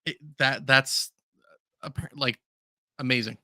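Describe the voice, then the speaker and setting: Bright-voiced earnest podcast man. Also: mid-range voice, steady tone, a little slow, dry recording, clean studio sound. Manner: earnest, openly emotional, hesitant with "um"s. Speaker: podcast co-host. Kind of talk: casual chat.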